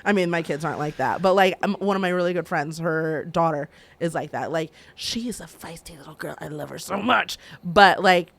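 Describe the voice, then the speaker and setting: A woman co-hosting a podcast in casual chat, chatty and quick to laugh. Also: lowish voice, vocal fry. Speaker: podcast co-host.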